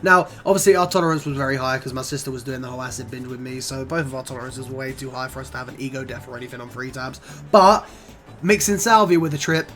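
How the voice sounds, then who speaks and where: For his vlog, a man in his 20s with a medium-pitched voice tells a casual, expletive-filled story at a quick pace. He's animated throughout, cursing frequently and repeatedly calling people "bro."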